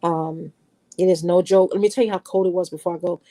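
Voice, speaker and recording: A woman's voice: on the low side, steady tone, fairly quick, warm tone. A middle-aged woman chatting casually and affectionately to her viewers in a folksy, talkative way. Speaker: vlogger greeting her viewers. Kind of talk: casual chat.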